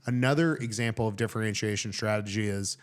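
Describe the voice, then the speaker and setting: A man's voice: fairly low pitch, fast talker. A man with a Tennessee Southern drawl, co-hosting a comedy podcast in rambling, joking casual chat. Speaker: podcast co-host.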